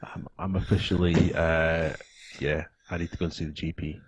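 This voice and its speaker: A man's voice: a bass voice, little pitch movement, normal speed, noisy background. A man co-hosting a gaming podcast, talking casually, laughing and swearing playfully. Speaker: podcast co-host. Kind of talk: casual chat.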